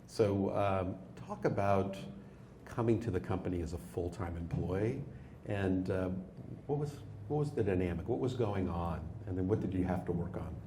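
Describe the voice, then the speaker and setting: A male host with a very deep, mellow voice asks measured, prompting questions. The room is echoey and carries a faint background hiss. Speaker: interviewer, host. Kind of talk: on-stage interview questions.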